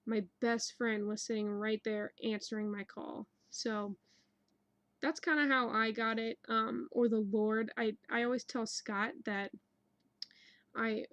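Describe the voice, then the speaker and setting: A woman's voice: a little high, fairly even intonation, a little slow, fairly bright tone, no echo, dull audio. Chatty young woman recounting a dream. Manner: rambling, many ums and likes. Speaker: dream narrator. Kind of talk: casual personal storytelling.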